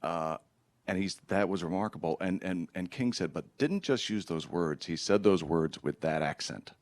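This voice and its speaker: A man's voice: deep voice, moderate pace, dry recording. A man hosting a public conversation, asking thoughtful questions with some hesitation. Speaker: host. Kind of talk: conversational interview.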